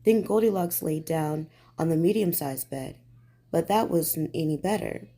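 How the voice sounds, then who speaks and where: Mellow, gentle woman reading a bedtime story. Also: low-pitched, expressive, unhurried. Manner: gentle, soothing.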